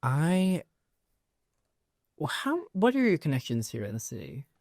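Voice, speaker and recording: Brief: woman with an extremely deep voice, guarded and probing at the game table, dry sound. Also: wildly swooping pitch, measured pace, darkish tone, dry recording. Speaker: player.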